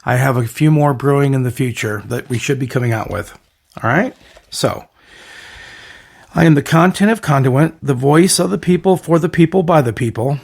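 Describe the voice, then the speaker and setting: A man hosting his own podcast, rambling through an energetic monologue full of catchphrase lists and restarts. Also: mid-range voice, normal speed, vocal fry. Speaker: podcast host.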